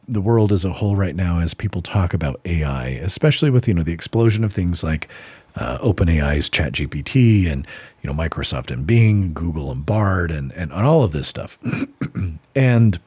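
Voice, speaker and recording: A man's voice: low voice, expressive, normal speed, mellow, breathy edge, no echo. A young man co-hosting a casual book-discussion podcast, rambling and restarting as he tells a story. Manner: rambling, self-interrupting storyteller. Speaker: podcast co-host.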